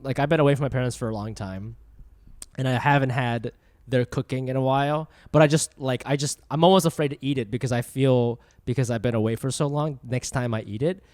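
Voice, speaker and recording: A man co-hosting a podcast in casual chat, talking quickly and trailing off. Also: mid-range voice, steady tone, darkish tone, no echo, studio quality. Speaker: podcast co-host.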